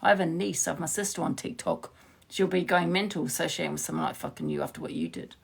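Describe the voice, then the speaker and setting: Woman, livestreamer, heated rant to viewers, swears freely, gravelly edge, phone mic. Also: low voice, very animated, quick pace. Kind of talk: ranting live stream to viewers.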